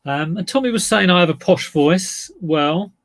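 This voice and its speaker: A man's voice: high voice, normal speed, no room sound. A man in his fifties with a Southeast English accent, hosting a casual live stream, rambling chattily and greeting viewers by name. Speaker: live-stream host and reseller.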